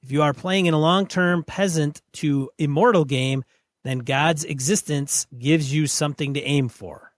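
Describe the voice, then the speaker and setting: Blunt man with a higher voice, dry. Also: moderate pace, no room sound. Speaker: podcast co-host. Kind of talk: casual podcast chat and reading listener mail.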